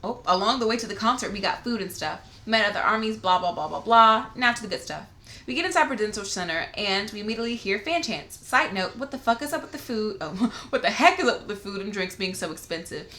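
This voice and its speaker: A woman's voice: medium pitch, animated, fast talker, bright, forceful tone. A young woman co-hosting a casual podcast, reading a listener's letter aloud, laughing often and swearing freely. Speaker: podcast co-host. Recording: roomy echo.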